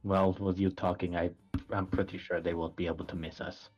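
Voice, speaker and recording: Super deep-voiced woman player, dry grumbly comments. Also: level tone, fairly quick, a little mellow, slightly rough, dull audio, faint music behind. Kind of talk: casual tabletop game play.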